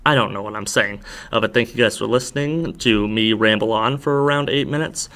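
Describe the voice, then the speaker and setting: A man's voice: fairly low pitch, a little fast, fairly bright tone. A young man hosting a podcast, rambling through a wrestling recap with lots of fillers, tired and slurring a little. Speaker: podcast host. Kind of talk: casual solo recap.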